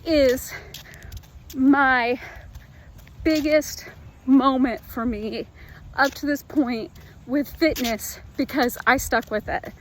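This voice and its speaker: Still catching her breath from a run, a woman in her fifties gives a casual, heartfelt talk to camera, addressing her fitness audience as y'all. She speaks slowly with frequent pauses in a high voice with fairly even intonation, over slight background noise.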